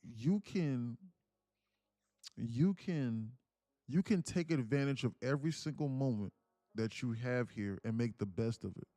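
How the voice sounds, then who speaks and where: A man's voice: mid-range voice, lively intonation, measured pace, mellow, dry recording. A young man hosting a live trading stream, talking earnestly and repetitively, calling listeners "man" and "bro" and reading chat messages aloud. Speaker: livestream trading host. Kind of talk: casual motivational livestream talk.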